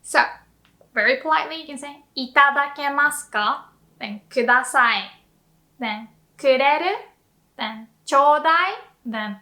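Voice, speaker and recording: A young woman gives an online language lesson in a high, clear voice. Her delivery is lively, with light laughs scattered through her explanations. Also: brisk. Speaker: Japanese language teacher.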